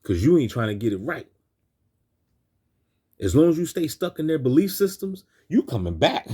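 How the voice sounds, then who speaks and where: A man's voice: mid-range voice, very animated, moderate pace, warm tone, slightly rough. A man hosting a video who rants in preachy street slang over film clips, repeating himself and keeping up a string of restarts. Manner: repetitive, stumbling restarts. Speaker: video host.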